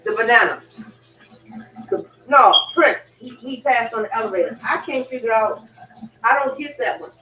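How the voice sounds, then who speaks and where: A woman's voice: fairly high pitch, moderate pace, far from the mic, heavy background noise. Rambling woman talking off-mic in kitchen. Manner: loose, blunt storytelling with profanity and laughs. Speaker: livestream host. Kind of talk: rambling casual monologue. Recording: roomy, off-mic with kitchen clatter.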